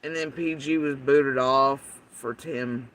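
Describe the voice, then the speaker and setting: Taking his time, a man hosting a livestream delivers a profane, angry rant and mocks critics in sarcastic put-on voices. His medium-pitched voice is a bit bright with fairly even intonation, heard somewhat far from the mic over slight background noise.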